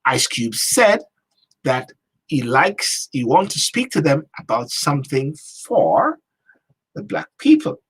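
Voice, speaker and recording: A man's voice: a little high, sing-song, slow, breathy edge. A man hosting a talk show, delivering an opinion monologue with emphatic, repetitive, rhetorical phrasing.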